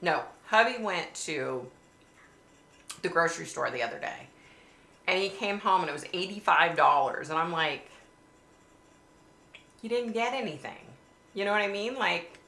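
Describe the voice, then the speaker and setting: A woman's voice: on the low side, expressive, normal speed, creaky, sharp tone. A woman hosting a casual livestream, chatting and reading viewer comments aloud. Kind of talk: casual live chat. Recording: echoey room with faint hiss.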